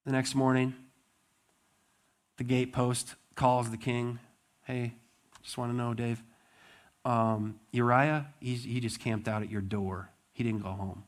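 A man preaching a sermon, retelling a story with animated, acted-out dialogue. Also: mid-range voice, unhurried, pauses often. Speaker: pastor.

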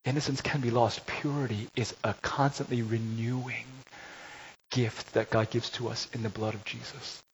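A man preaching a sermon, telling a story and rising to loud, emphatic peaks. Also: mid-range voice, fairly even intonation, normal speed. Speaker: pastor. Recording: dull lo-fi recording with faint hiss.

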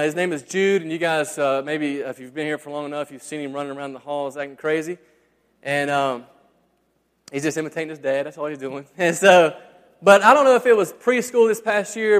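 A man in his thirties preaching a sermon to a congregation, telling stories in a chatty, self-deprecating way full of fillers. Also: fairly high pitch. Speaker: pastor. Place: church hall before a congregation. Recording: long reverb of a church hall.

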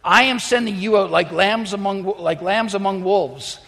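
A pastor preaching a sermon and telling a story, with frequent fillers and restarts, in a church sanctuary. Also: male voice, high-pitched, moderate pace, creaky, a bit bright. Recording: long church reverb.

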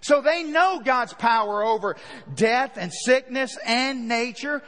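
A man preaching a sermon as pastor, lively and storytelling, dropping into hushed voices to act out scenes. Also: extremely high pitch, takes it slowly, long reverb tail. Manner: animated preaching, acting out scenes in hushed asides.

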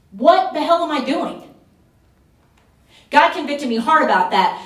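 Preaching at a retreat, this woman pastor presses her case urgently and fervently, repeating herself for emphasis. Her expressive voice runs on the high side and a bit bright at a normal pace, captured distantly with plenty of room echo.

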